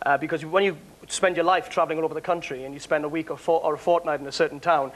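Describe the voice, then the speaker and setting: A man, a stage entertainer, telling lively anecdotes with laughter and quick bits of mimicry. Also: on the high side. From Wales. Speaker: entertainer guest. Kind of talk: chatty anecdotes with accent impressions.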